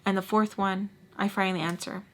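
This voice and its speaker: A woman's voice: mid-range voice, flat delivery, brisk. A woman vlogger telling a personal story in a casual, candid way, dramatic and blunt, with frequent swearing.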